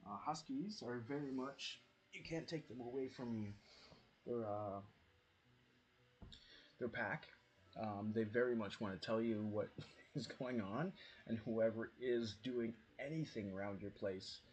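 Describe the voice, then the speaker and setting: A man's voice: mid-range voice, a little slow, long pauses. A man streaming a game from home, chatting in a casual, rambling way with lots of fillers and free swearing. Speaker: gaming streamer. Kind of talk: casual rambling chat while playing. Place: at home with dogs nearby.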